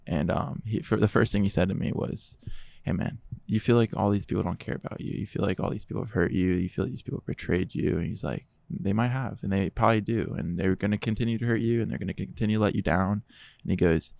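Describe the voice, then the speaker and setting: Man, low and gravelly, casual podcast guest acting out the dialogue as he tells his story. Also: fast, no room sound. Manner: animated storyteller, quotes others in dialogue.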